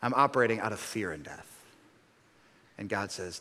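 A man's voice: lowish voice, normal speed. A man preaching a sermon as pastor, telling stories with self-mocking humor. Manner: storytelling, animated and self-mocking. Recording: reverberant hall.

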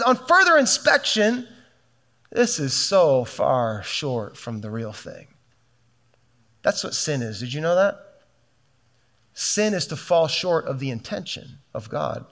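A man's voice: fairly high pitch, big pitch swings, slow, long pauses, a bit bright. A middle-aged man preaching a sermon as a pastor, fervent and conversational, often restarting his sentences.

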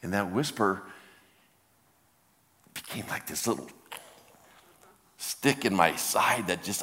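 Older pastor with a deep, bright voice. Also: male voice, animated. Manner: heartfelt storytelling with halting restarts. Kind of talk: sermon. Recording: long reverb of a large hall.

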